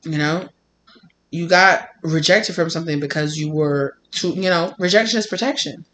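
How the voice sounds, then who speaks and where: Tarot reader: casual, animated, bright tone, quick to laugh. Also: medium pitch, slight background noise. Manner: animated, laughing, acts out quotes. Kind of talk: casual spiritual reading.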